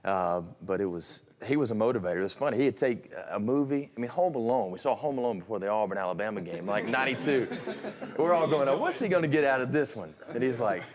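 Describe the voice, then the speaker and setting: A former college quarterback speaking softly about his old coach, warming up as he tells funny stories. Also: lowish voice, expressive, fast, big-room sound, a crowd in the background. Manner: soft-spoken, warming into laughter. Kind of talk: casual reunion storytelling.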